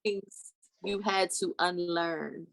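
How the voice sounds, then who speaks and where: A woman's voice: lowish voice, fairly even intonation, slow, gravelly, a bit bright, no room sound. A woman co-hosting a podcast in casual banter, teasing and laughing often. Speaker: podcast co-host.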